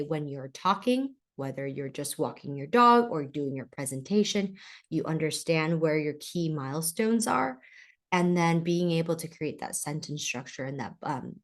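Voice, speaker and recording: A woman's voice: sits low, lively intonation, moderate pace. A woman teaching a public speaking webinar in a chatty way, reading out questions from the chat. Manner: conversational, reads audience questions from chat.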